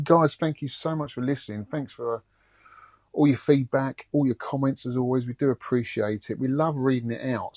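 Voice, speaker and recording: A man as an upbeat podcast co-host, friendly and easygoing. He is recorded close and dry with no room sound, and his pitch sits in a middling range. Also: darkish tone, dry recording. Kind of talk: casual podcast chat.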